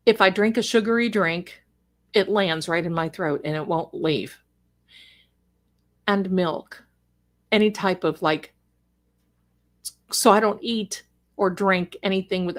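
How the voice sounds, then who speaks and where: A middle-aged woman who grew up in Germany, chatting casually and rambling as she answers viewers during a livestream. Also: medium pitch. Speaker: livestream host.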